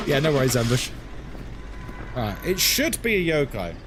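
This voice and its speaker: British male game streamer, casual explainer voice, lively pitch. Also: normal speed, slight background noise. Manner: chatty and explanatory, many fillers like "like" and "um". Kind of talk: live gameplay commentary, answering chat.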